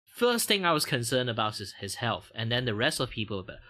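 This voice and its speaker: This Malaysian-accented male VTuber has a mid-range, sing-song voice that moves quickly and sounds sharp. While drawing on stream he rambles casually, stumbling through restarts, loose grammar and plenty of filler words.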